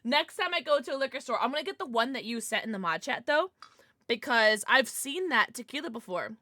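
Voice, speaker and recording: A woman's voice: a little high, expressive, brisk, bright, forceful tone, no room sound, clean studio sound. A young woman live-streaming, chatting casually and bubbly as she reads her chat aloud, gasping and laughing often.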